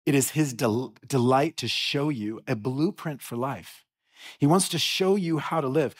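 A middle-aged man preaching a sermon in a church, telling a story with animated energy and frequent restarts. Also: medium pitch, a little slow, breathy edge. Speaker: pastor.

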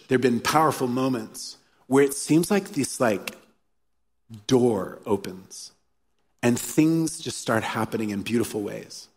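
Husky guy preaching a sermon, earnest storyteller, big echoey church hall. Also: medium pitch. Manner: earnest, storytelling, repeats key phrases. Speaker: pastor. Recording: live sermon in a reverberant hall.

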